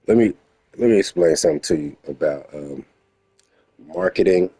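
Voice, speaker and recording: Deep, dark-voiced man lecturing bluntly. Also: expressive, normal speed, husky, no room sound. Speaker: reaction commentator. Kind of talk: casual reaction commentary.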